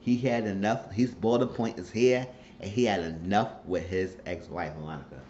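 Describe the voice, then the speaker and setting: Low-voiced man recapping a show. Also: normal speed, lo-fi sound, a little hiss or hum. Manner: animated storytelling, slangy, acts out quotes. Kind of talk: casual episode recap.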